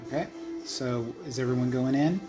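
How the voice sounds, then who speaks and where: A man running a tabletop game as game master, narrating the scene and answering players with a relaxed, hesitant manner. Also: medium pitch, normal speed, music in the background. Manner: easygoing, hesitant with ums.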